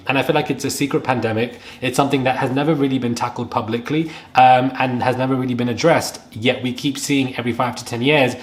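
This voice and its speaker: A young man, speaking earnestly to camera while close to tears, halting and repeating himself. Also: medium pitch. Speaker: vlogger. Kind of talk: emotional to-camera commentary.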